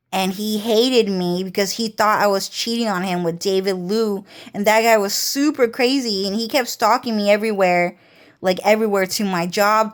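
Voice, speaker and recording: A woman vlogger talking straight through a personal story in a casual monologue. She rambles, repeats herself and swears heavily. Her voice sits at an ordinary pitch for a woman. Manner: rambling, heavily profane, repetitive.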